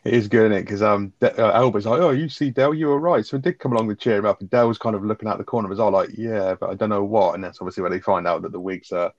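A man in a casual chat about a sitcom episode, quick and full of fillers, swearing as he retells scenes. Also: on the low side, no echo. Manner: rapid, full of fillers like 'like', swears, quotes characters. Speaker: podcast co-host. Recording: dull lo-fi dry sound.

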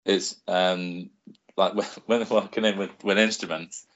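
A man's voice: low-pitched, steady tone, normal speed, a bit bright. A man hosting a casual interview, asking long, earnest questions. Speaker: podcast host. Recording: dull lo-fi recording.

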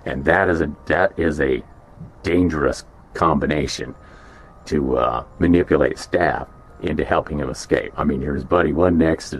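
A man's voice: a bass voice, normal speed, slight background noise. A man and former prison officer telling stories casually, rambling with many fillers and restarts. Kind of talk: casual storytelling.

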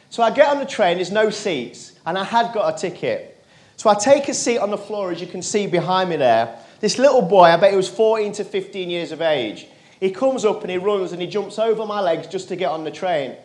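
High-voiced man telling a story. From England. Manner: earnest, drops his voice low and quiet for quoted lines. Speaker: motivational speaker. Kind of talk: storytelling speech to an audience.

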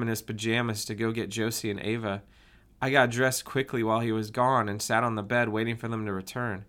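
A man's voice: lowish voice, fairly even intonation, a little fast, fairly bright tone. Man reading a first-person story. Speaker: audiobook narrator.

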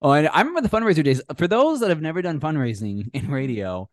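A man co-hosts a relaxed podcast, trading teasing banter and breaking into giggles. His pitch swings freely up and down, and the sound is dry and close with no room around it. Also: fast, no echo. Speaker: podcast co-host. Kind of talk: casual chat.

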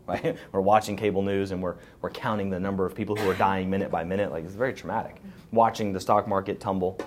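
A man with a somewhat low voice answers questions live before an audience, driving his points home by repeating them. His delivery is forceful and plain-spoken, in the manner of a preacher. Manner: emphatic and repetitive, preacher-like. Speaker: podcast host. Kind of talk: live Q&A talk. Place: live event in front of an audience.

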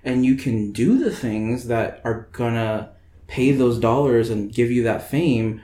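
A man's voice: mid-range voice, unhurried, warm tone. Rambling man in his twenties, roomy sound. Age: 20s. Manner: rambling, many "like" fillers, theatrical. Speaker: podcast host. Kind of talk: casual chat. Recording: roomy echo.

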